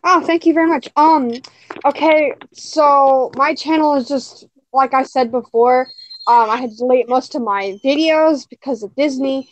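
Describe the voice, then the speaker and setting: A woman's voice: high-pitched, moderate pace, low-quality recording. A woman on a casual online panel, talking shyly with many hesitations. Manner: shy, hesitant, many ums. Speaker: panel guest.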